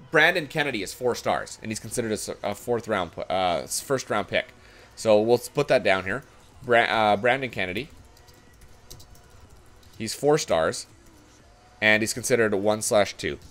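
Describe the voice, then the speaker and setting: A man's voice: on the low side, fairly bright tone. Chatty man thinking aloud over a game. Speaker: gaming YouTuber. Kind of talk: casual game commentary.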